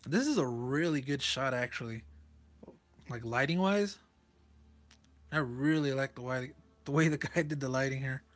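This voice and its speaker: A man's voice: mid-range voice, normal speed, pauses often. A man casually reviewing a comic page by page, chuckling often and correcting himself in rambling asides. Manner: chuckles often and reads panel text aloud.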